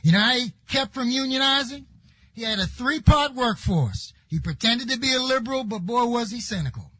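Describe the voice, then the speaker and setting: An older man speaks at a conference in a fairly high voice, with passion and force. He builds steadily and breaks into near-shouts on the points that matter most. His voice is close and dry, with no room sound. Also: lively intonation, moderate pace, no room sound, low-quality recording. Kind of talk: impassioned public speech.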